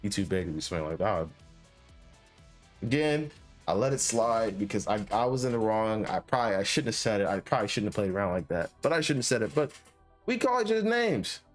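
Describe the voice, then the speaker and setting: A man's voice: lowish voice, big pitch swings, brisk. Young guy, casual storytime, rambly and profane, faint music behind. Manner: rambling, full of restarts and fillers, profane.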